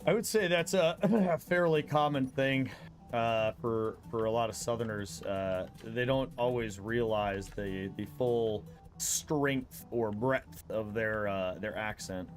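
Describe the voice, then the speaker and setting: A man's voice: mid-range voice, slow pace, faint music behind. A man chatting casually as a guest on a co-op gaming stream, easygoing and hedging as he talks.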